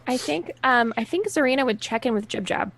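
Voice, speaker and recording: A woman's voice: high voice, expressive, brisk, creaky, a bit bright. A woman playing a tabletop game, chatting and describing what her character does. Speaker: player.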